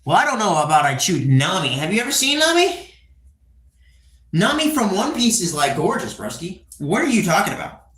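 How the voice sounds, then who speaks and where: A man's voice: sits high, wildly swooping pitch, normal speed, fairly bright tone. Young man streaming, rambling casual chat, crude jokes, keeps saying right, echoey room. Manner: crude, joking asides. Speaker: livestreamer.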